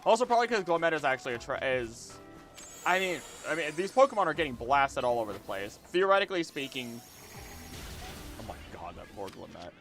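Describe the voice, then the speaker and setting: A man's voice: mid-range voice, big pitch swings, brisk, fairly bright tone, faint music behind. Young man rambling on a game stream. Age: 20s. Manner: rambling, repeats words, talks to chat. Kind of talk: casual gameplay livestream chat.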